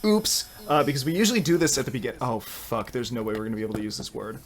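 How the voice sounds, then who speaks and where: Fast-talking man in his twenties. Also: medium pitch, big pitch swings. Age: 20s. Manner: fast, swearing, self-mocking. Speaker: podcast host. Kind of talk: casual chat.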